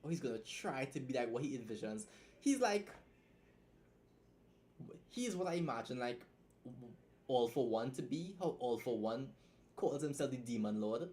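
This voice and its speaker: A man's voice: medium pitch, very animated, a little mellow. A young man with a Trinidadian accent hosting a casual livestream, talking bluntly with jokes and swearing as he reacts to a story. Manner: blunt, joking, swears freely, fast asides. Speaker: livestream host and writer.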